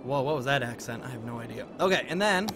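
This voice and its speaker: A man's voice: medium pitch, expressive, fast, background noise. A man chatting through live-stream gameplay commentary, thinking aloud and gushing with delight as he talks to his viewers. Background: game music.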